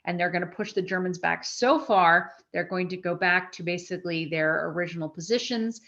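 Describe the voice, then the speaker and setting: A woman giving a live history lecture to an audience, talking in a conversational, animated way with frequent restarts. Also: lowish voice, brisk, highs cut off.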